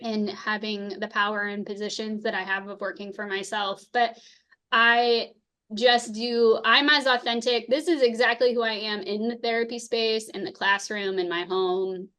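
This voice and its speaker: A woman in her thirties, a therapist and podcast guest, telling stories quickly and laughing often. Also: mid-range voice. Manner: fast, lively storytelling, laughs often. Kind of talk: casual interview conversation.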